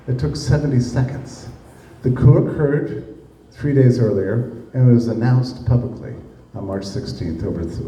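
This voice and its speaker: A man with a mid-range voice tells stories in a public talk to a live audience, animatedly acting out the people he quotes. The room is echoey, the mic distant, with faint ambience and a little hiss or hum.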